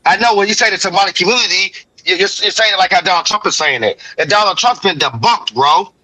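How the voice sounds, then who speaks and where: A man's voice: high voice, fast talker, bright, forceful tone, low-quality recording. A man arguing heatedly in a live stream debate, confrontational and profane, repeating himself. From Oregon, USA. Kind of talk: heated argument.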